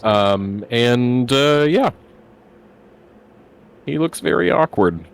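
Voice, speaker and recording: A man playing a tabletop game, describing his character in a halting, hesitant way. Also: medium pitch, lively intonation, clear, resonant tone. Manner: halting, hesitant, full of fillers. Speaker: player.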